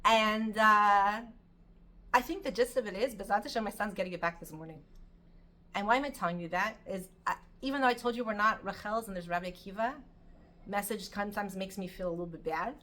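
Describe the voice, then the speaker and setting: Bright-voiced middle-aged woman teaching. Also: mid-range voice, fairly quick. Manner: animated storytelling, lively and chatty. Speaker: Torah teacher. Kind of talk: informal Torah class.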